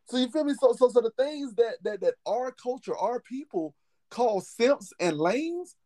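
A man's voice: very high-pitched, animated, a little slow, warm tone, no echo. A man hosting a casual podcast chat, talking emphatically and hammering his points by repeating words. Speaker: podcast host; football coach.

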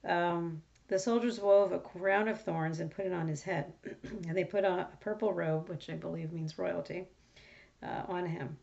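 Gravelly low woman musing on scripture. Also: steady tone, normal speed, a little mellow. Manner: rambling, many fillers and restarts. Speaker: Bible study speaker. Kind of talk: casual Bible reflection. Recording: dull lo-fi recording.

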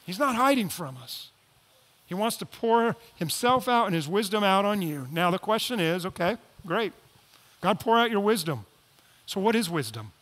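A man preaching a sermon as pastor, moving between quiet, low asides and loud, emphatic appeals. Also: lively intonation, moderate pace. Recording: long hall reverb.

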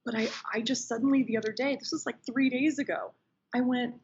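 A woman's voice: a little high, fairly quick, dull audio, a little hiss or hum. A woman talking as a podcast guest, telling personal stories with enthusiasm in a casual interview. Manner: enthusiastic, animated storyteller.

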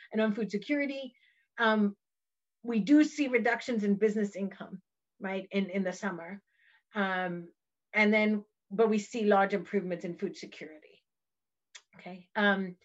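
A woman's voice: medium pitch, muffled recording. A woman presenting research findings in an explanatory way, with fillers and self-corrections. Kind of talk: academic talk excerpt.

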